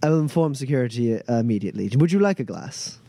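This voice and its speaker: A man's voice: mid-range voice, animated, fast, gravelly, dark tone, no room sound. A man voicing a formal, obliging champagne server in a tabletop game. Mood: dutiful.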